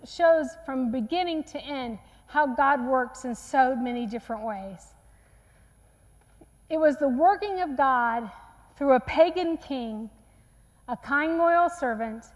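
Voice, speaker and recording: A woman preaching a sermon, retelling a Bible story in an earnest storytelling manner. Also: high-pitched. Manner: earnest storytelling, acts out quotes softly. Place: church sanctuary. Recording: long church reverb.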